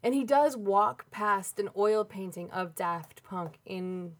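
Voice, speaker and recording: A woman's voice: mid-range voice, slow pace, no room sound. A woman co-hosting a podcast, chatting casually with a wry, dry sense of humor. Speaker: podcast co-host. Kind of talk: casual panel chat.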